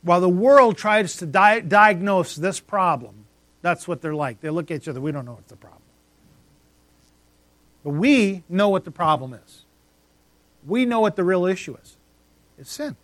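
A man preaching a sermon with emphatic swings in loudness, dropping to a near whisper on key words. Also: high-pitched, animated, normal speed, no room sound. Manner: emphatic, rising and dropping to near silence for effect. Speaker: pastor.

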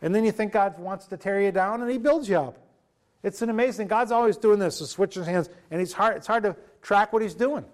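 A man preaching an informal sermon at an evening fellowship, retelling a story in a lively, conversational way. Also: high-pitched, a little fast. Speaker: pastor.

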